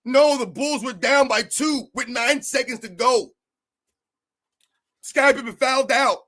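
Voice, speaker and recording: High-voiced man ranting about sports. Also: a little slow, bright, forceful tone. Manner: emphatic, argumentative, repeats points. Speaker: sports commentary host. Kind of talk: heated sports rant.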